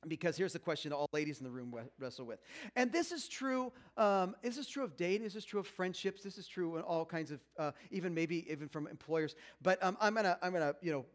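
Speaking at a marriage seminar, a man in his fifties gives a chatty, self-mocking talk to a live audience and acts out quoted voices. His high-pitched voice moves quickly with lively intonation.

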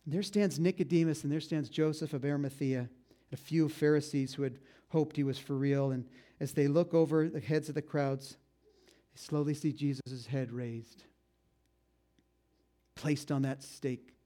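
A man's voice: a little high, fairly even intonation, normal speed. Man preaching a dramatic story sermon. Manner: dramatic retelling, dropping to hushed tones; conversational, with fillers and asides to listeners. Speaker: pastor.

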